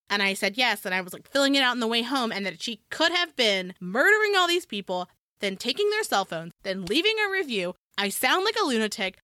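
A woman co-hosting a podcast, telling a long story in a rambling, animated way, full of fillers and laughs. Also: a little high, fairly quick, no room sound, clean studio sound. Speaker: podcast co-host. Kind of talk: casual chat.

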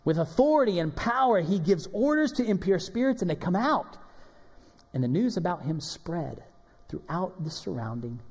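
A man preaching a sermon as pastor, animated and emphatic, acting out the people in the passage. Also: a little high. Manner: animated, emphatic preaching with dramatic quoted voices. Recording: long hall reverb.

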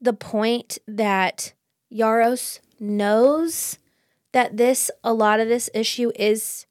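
A woman co-hosting a casual book podcast, talking in an animated, rambling way with quick restarts. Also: a little high, no echo, clean studio sound. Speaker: podcast co-host.

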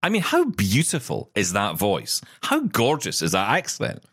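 Scottish man, deep voice, animated delivery, dry close recording, casual podcast co-host. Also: measured pace, husky, no echo. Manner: animated, enthusiastic, self-correcting. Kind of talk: casual tech chat.

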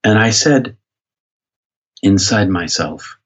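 A man with a deep, husky voice recounts a personal story as an interview guest, speaking earnestly and reflectively with frequent restarts. The recording sounds dull and lo-fi. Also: measured pace, fairly bright tone. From United States. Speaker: pastor and guest.

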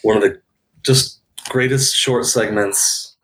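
A man's voice: medium pitch, fairly even intonation, takes it slowly, a bit bright, a little hiss or hum, low-quality recording. A man co-hosting a casual sports podcast, talking in a loose, anecdotal way with lots of filler words. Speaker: podcast co-host.

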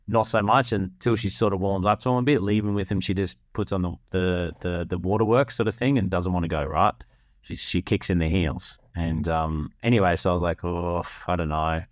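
A man tells a long personal story in a loose, rambling way. He restarts his sentences and acts out the other people in the story. His voice sits very low, and the recording is dry and close. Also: steady tone, normal speed, no room sound. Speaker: podcast host. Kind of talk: casual storytelling.

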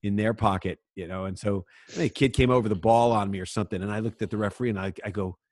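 A man co-hosting a podcast, chatting casually and telling animated stories about his playing days with plenty of swearing. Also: lowish voice, fast talker, dry recording, studio quality. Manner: animated, swears freely, acts out quotes loudly. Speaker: podcast co-host, former player. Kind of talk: casual chat, storytelling.

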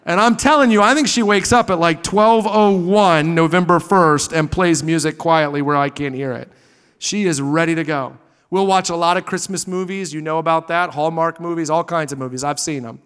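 High-voiced preacher in a reverberant hall. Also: male voice, normal speed, clean tone. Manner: dramatic, swings from loud to hushed. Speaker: pastor. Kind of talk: sermon.

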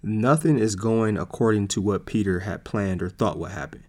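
A man's voice: on the low side, normal speed, darkish tone. A man preaching a casual sermon, talking conversationally and repeating words for emphasis.

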